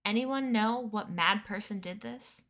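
A woman reading aloud voices a gruff, angry male farm team leader who shouts and accuses. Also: mid-range voice, normal speed, close to an everyday voice. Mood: shouting.

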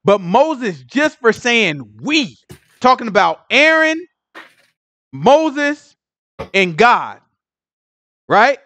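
A man leading a Bible study in an animated, conversational way, repeating phrases and asking the group questions. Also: extremely high pitch, drawn-out words, long pauses, no echo.

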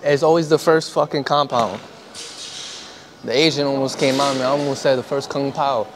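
A man's voice: medium pitch, fairly even intonation, moderate pace, noisy background. A young man chatting casually in a gym between sets, slangy and profane, telling stories with laughs. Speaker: vlogger. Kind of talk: casual workout vlog chat.

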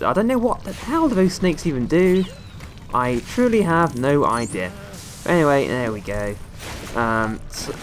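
A young man giving playful, rambling let's-play commentary over a video game, often jumping into squeaky high exclamations. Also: big pitch swings, unhurried, a little hiss or hum. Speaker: gaming YouTuber.

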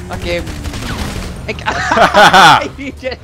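A man's voice: high voice, lively intonation, extremely slow, background noise. A young man gaming with a friend, teasing him, swearing and laughing often. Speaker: gaming YouTuber. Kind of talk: gameplay banter. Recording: game music behind.

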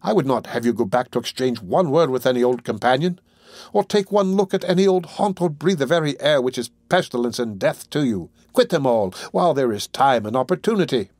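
A man playing a grave, kindly old gentleman. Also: medium pitch, animated, no echo, natural voice. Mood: persuasive. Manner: measured, solemn, persuasive.

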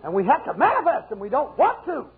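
An older man voicing a sneering, defiant male demon that mocks the preacher in a high, taunting voice. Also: huge pitch swings, fast talker, full character voice. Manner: mocking, taunting, high-pitched. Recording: muffled lo-fi tape, phone-like.

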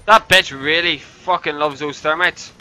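A man giving loud, profane, excitable commentary over his own gameplay and yelling at opponents. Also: on the high side, a little slow, slight background noise. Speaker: gaming commentator.

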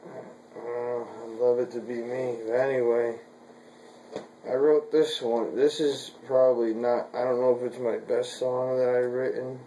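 A man's voice: medium pitch, flat delivery, moderate pace, mellow, reverberant, slight background noise, poor audio. A man vlogging from home in a casual, frustrated way, swearing at gear that won't work.

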